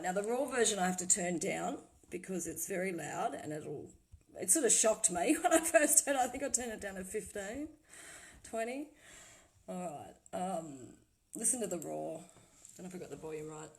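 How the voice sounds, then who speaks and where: A woman's voice: lowish voice, moderate pace, long pauses, poor audio. Chatty woman vlogger. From Australia. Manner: excited, trailing off, laughing often. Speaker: vlogger playing spirit recordings. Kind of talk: casual livestream chat.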